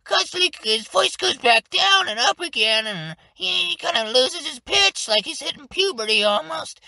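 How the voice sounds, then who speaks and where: Cast: manic little goblin crook, squeaky and cracking, raspy and biting, dry booth sound. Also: male voice, animated, normal speed, sharp tone, dry recording, exaggerated voice, poor audio. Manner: jumpy, pitch swinging up and down. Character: high, crazy, thieving male goblin.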